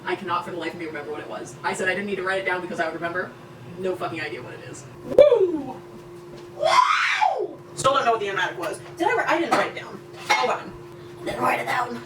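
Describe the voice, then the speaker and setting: A man's voice: high-pitched, very fast. Rambling, self-mocking young man vlogging. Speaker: baking vlogger. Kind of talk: casual solo vlog chat while baking. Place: home kitchen. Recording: roomy, distant, noisy home recording.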